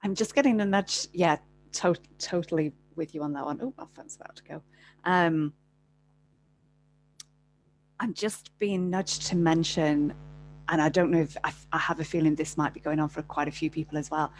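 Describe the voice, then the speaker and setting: A woman guest in a spiritual conversation over a video call, speaking gently and reflectively. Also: low-pitched, normal speed, a little hiss or hum, rough recording.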